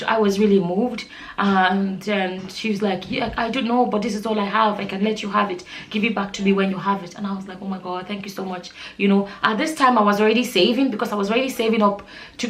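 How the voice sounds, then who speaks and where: A middle-aged woman from Nigeria telling a personal story in an emotional, rambling way, with many restarts and fillers. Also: mid-range voice. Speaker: vlogger. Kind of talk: storytelling vlog.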